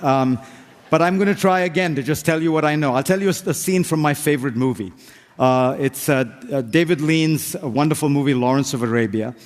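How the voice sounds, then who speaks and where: A man from India, speaking earnestly and persuasively in a formal debate. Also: mid-range voice. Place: large hall before an audience. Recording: reverberant debate hall.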